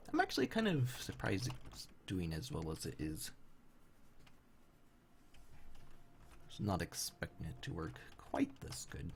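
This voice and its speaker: A man's voice: deep voice, slight background noise. A tired young man chatting wryly with viewers while streaming a game. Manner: chatty, wry, talks to chat viewers. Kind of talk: casual live-stream commentary while playing. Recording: faint background game music.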